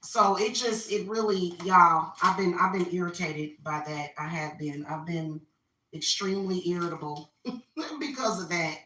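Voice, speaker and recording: Opinionated woman, bright voice, repetitive venting, recorded off-mic in an echoey room. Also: fairly low pitch, unhurried, far from the mic. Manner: opinionated, venting, repeats herself. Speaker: spiritual reader and vlogger. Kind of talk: casual rant while carving a pumpkin. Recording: roomy echo, voice off-mic.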